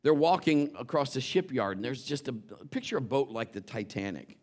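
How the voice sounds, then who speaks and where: A male preacher delivers a sermon, telling a story. His voice sits in a middle register and climbs into shouted exhortations. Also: medium pitch, lively intonation, moderate pace.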